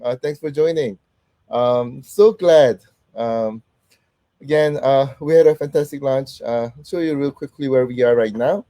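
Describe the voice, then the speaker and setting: A middle-aged man hosts a casual livestream while fighting off an illness, his voice not fully recovered. His tone is mellow and close, with a dry, roomless sound. He talks haltingly, filling gaps with um and uh. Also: medium pitch, dry recording. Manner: halting, heavy with um and uh, warm greetings to viewers. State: sick, voice not fully back. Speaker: host.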